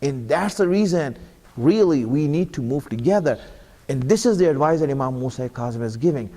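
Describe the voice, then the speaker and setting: A speaker at an Islamic center preaches with earnest feeling in a mosque hall, his questions to the congregation coming again and again. His voice is a little high and mellow, expressive, and a touch fast, all wrapped in long hall reverb.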